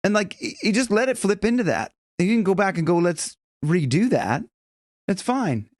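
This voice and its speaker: A man coaching singers in a loose, rambling way. His pitch jumps around a lot and he keeps slipping into high sung demonstrations. The recording is dry and close-up. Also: very animated, normal speed, darkish tone, no room sound. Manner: chatty, rambling, breaks into high sung examples and vocal fry. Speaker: vocal coach. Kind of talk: casual vocal lesson with sung demonstrations.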